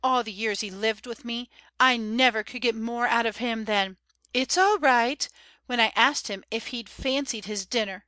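A man's voice: extremely high pitch, moderate pace, sharp tone, clear, resonant tone, no room sound, pitched above the performer's own voice. A man reading an audiobook voices an old woman servant who scolds and complains fondly. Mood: wistful. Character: old grumbling woman servant, fussy and sentimental. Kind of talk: audiobook character voice.

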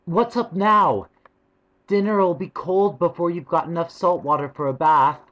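A man's voice: on the high side, measured pace, a bit bright, pitched above the performer's own voice. A man voicing a young boy who is awkward but kind to his sister, in a raised boyish tone. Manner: raised boyish tone, clumsy comforting. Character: awkward schoolboy brother Cyril, gruff but kind.

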